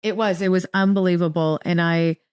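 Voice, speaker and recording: A woman's voice: lowish voice, steady tone, a little fast, darkish tone, clear, resonant tone, no room sound. A woman guest telling a personal story in a casual interview, rambling with many restarts and fillers. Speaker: podcast guest.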